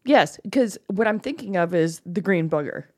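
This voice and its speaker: A middle-aged woman co-hosting a casual podcast over wine, animated and quick to laugh. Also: on the low side. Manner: animated, laughs often, bursts of excitement. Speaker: podcast co-host.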